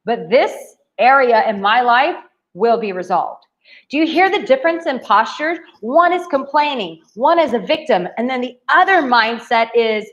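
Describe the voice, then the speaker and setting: A woman's voice: fairly high pitch, lively intonation, moderate pace, lo-fi sound. A woman dating coach giving blunt, profane advice to camera in a brash, emphatic way.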